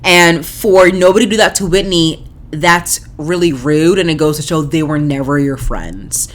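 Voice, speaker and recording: Low-voiced chatty woman podcaster. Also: normal speed. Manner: opinionated, chatty, frequent fillers and restarts. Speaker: podcast host. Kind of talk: casual commentary on a reality show.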